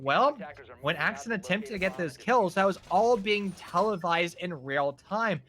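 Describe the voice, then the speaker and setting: High, bright-voiced young male esports caster. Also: slight background noise. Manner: energetic, joking. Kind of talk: live play-by-play commentary.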